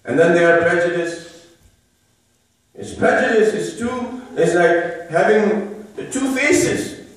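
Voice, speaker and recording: High-pitched man preaching in an echoey hall. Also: takes it slowly. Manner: emphatic, repeats phrases and asks rhetorical questions. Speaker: religious speaker. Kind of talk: lecture to a live gathering. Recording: very echoey room, voice from far off. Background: listeners murmuring responses.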